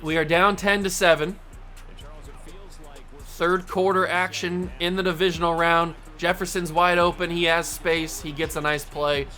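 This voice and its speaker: A man commentates his own video game in a bright, forceful voice. He gets excitable and yells in frustration when plays go against him. Faint game music sits underneath. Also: a little high, unhurried. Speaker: gaming channel host.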